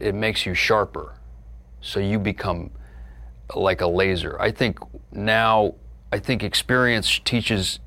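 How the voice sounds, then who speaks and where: Middle-aged man with a low, animated voice. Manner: animated, profane, laughing, drifts into soft low musing. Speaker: actor, interview guest. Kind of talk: candid conversational storytelling.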